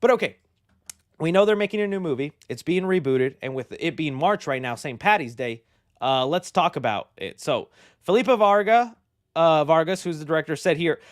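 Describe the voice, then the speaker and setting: A man hosting a movie news show, talking in an excitable, slangy and rambling way. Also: a little high, normal speed, no room sound, clean studio sound. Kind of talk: casual movie news commentary.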